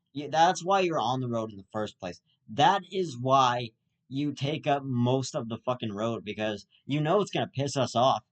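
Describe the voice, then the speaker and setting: A man's voice: medium pitch, rough recording. A man delivering a comic rant, angry and profane, often stammering and restarting his sentences. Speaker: comedic ranter.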